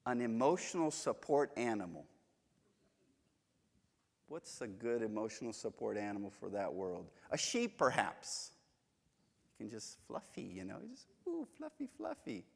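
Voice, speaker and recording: A man's voice: on the low side, expressive, a little slow, vocal fry, pauses often, big-room sound. A man teaching a Bible class in a casual, joking way, telling stories from home. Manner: chatty, joking, storytelling. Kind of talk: casual church lesson with anecdotes. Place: church hall.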